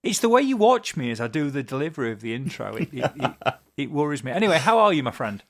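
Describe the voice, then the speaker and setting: A man's voice: medium pitch, very animated, quick pace. A man co-hosting a podcast, bantering in a jokey, self-deprecating way. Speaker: podcast co-host. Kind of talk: casual podcast chat.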